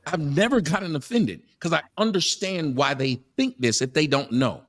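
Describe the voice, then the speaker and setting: A man on a talk show panel, speaking quickly and bluntly in casual debate. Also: fairly high pitch, expressive.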